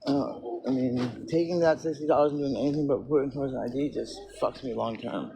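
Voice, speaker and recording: A man's voice: medium pitch, fairly quick, gravelly, warm tone, a little hiss or hum, poor audio. A man ranting and answering viewer comments on a casual livestream, profane and agitated, in tooth pain.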